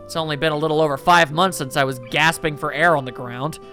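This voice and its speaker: Bright-voiced man reading a visual novel. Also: on the high side, fairly even intonation, quick pace, soft background music. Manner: reflective first-person narration. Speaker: let's play host.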